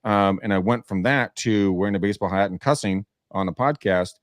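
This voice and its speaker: A man hosting a casual podcast, telling stories with lively acted-out quotes and casual swearing. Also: lowish voice, fairly quick, no room sound, studio quality. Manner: animated storytelling, acts out quoted voices, casual swearing. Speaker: podcast host, real estate agent.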